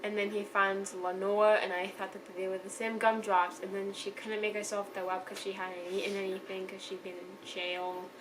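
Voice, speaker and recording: A young woman talks through a book she loved in a loose, rambling vlog, gushing and trailing off mid-thought. Her voice sits at an everyday middle pitch, and a steady background hiss runs under the recording. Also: normal speed, few pauses. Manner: chatty, gushing, trailing off and restarting. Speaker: book reviewer. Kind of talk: casual book review vlog.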